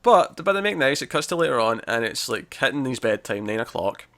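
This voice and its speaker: A man's voice: mid-range voice, big pitch swings, pushed and bright. A man co-hosting a casual review chat, recapping an episode with many restarts. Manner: rambling, restarts, acts out scenes in quick voices. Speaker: podcast co-host reviewing a TV episode.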